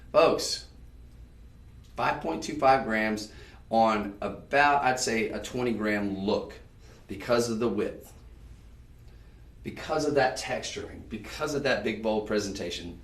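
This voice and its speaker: Upbeat male shopping-channel host, roomy sound. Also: mid-range voice. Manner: upbeat, chatty, salesy, addresses viewers as ladies and folks. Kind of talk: live sales pitch. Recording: echoey room, voice from a distance.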